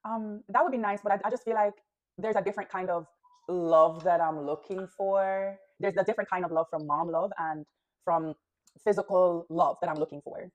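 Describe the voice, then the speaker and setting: A woman's voice: lowish voice, steady tone, normal speed, muffled recording. A woman hosting a reaction video, talking casually and filling her sentences with "like". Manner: chatty, peppered with "like". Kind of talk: casual commentary.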